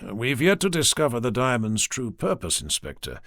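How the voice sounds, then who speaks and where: A man reading an audiobook voices a sardonic, heartless man who speaks in a low, quiet drawl. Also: wildly swooping pitch, normal speed, no echo, clean studio sound. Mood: coolly dismissive.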